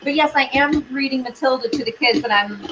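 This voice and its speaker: A chatty woman with a voice pitched a little high, rambling to her viewers and her pets while she bakes in a home kitchen. The sound is dull and lo-fi, with a steady hiss of noise underneath. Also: a little fast. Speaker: baking show host. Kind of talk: casual livestream chat while baking.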